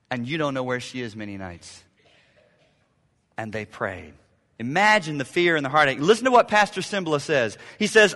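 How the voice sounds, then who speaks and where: Man preaching, bright sharp voice, goes from shouting to hushed, big echoey hall. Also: high-pitched. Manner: swings from shouted repetition to hushed storytelling. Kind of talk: sermon.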